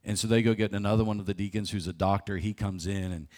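A man's voice: fairly low pitch, fairly even intonation, quick pace, a little mellow. A man preaching a sermon, telling a personal story vividly and often restarting his phrases. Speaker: pastor. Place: church sanctuary.

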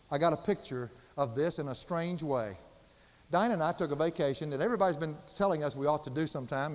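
An older man preaches in a church with a long, ringing reverb around him. His voice sits fairly high, and he swings between loud, stirring emphasis and quiet, hushed asides. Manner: impassioned preaching with wide swings from shouts to hushed tones. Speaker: pastor. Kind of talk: sermon.

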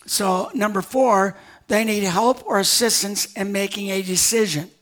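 A man with a high-pitched voice preaching a sermon. He moves between reading scripture aloud and casual asides, then lifts into emphatic bursts. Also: measured pace, a bit bright. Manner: preaching with conversational asides and sudden emphatic rises. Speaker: pastor.

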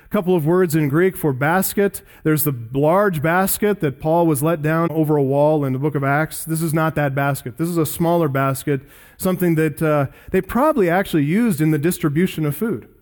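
A man's voice: on the high side, fairly quick, a little mellow. A male pastor teaching an expository sermon, reading scripture aloud and stressing key words earnestly.

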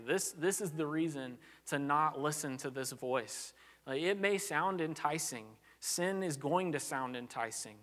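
A man's voice: a little high, fairly bright tone. A man preaching a sermon as pastor, earnest and conversational, often restarting phrases and saying "like". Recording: long hall reverb.

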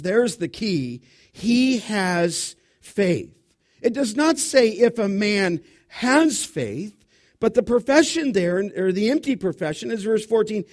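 Animated high-voiced male preacher, slow delivery. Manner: emphatic, slows down to stress key words. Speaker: pastor. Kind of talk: expository sermon.

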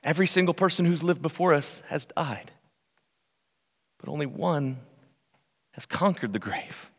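A man preaching a sermon from a church, his slightly raised voice ringing out in a long hall reverb. He tells stories earnestly and often falls to a soft, hushed delivery. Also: on the high side, expressive, unhurried. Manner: earnest, storytelling, with hushed quiet passages. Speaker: pastor.

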